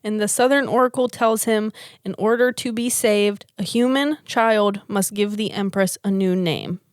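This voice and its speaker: A woman's voice: medium pitch, moderate pace, smooth, no echo, studio quality. A woman co-hosting a podcast, chatting casually and retelling a film plot with lots of laughter. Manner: giggly, animated storyteller who laughs often. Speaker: podcast co-host.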